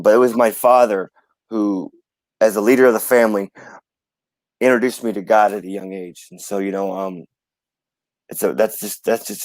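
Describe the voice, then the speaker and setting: A man's voice: dry recording, rough recording. Middle-aged man, earnest storyteller who repeats himself, dry close mic. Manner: earnest, repeats himself, voice rises high when moved. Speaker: guest. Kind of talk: emotional storytelling in a live video chat.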